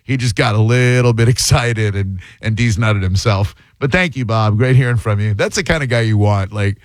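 A man hosting a call-in radio show, joking and teasing the callers in quick casual banter. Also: on the low side, no echo. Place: radio studio.

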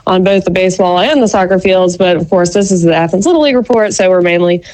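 A woman's voice: on the low side, fast, a little mellow, low-quality recording. Woman, local sports correspondent, chatty and rambling, filler-heavy. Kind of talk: radio call-in report.

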